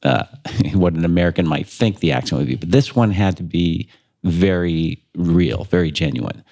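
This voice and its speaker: Measured male stage actor with a deep voice, talking as a guest. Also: mellow. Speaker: actor and theater director. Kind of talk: interview guest.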